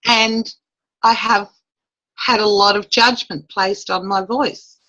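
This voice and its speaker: Slow-talking woman on a muffled line. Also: mid-range voice, fairly even intonation, sharp tone. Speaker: session participant asking questions. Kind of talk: casual conversation.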